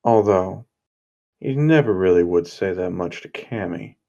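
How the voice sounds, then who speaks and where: A man's voice: deep voice, lively intonation, measured pace, dark tone, dull audio. A man narrating an improvised fan story in a loose, casual way, swearing now and then.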